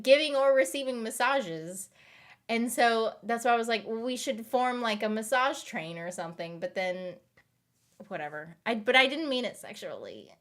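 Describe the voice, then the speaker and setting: A woman in her thirties, her voice a little high and a bit bright, chats casually with her stream viewers late at night. She's tired, giggly and rambling, laughing often and letting her sentences trail off.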